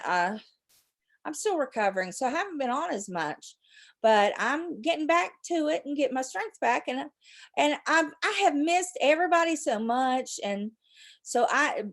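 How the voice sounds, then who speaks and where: A middle-aged woman, hosting a rambling live chat with her viewers and laughing often. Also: medium pitch. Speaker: livestream host.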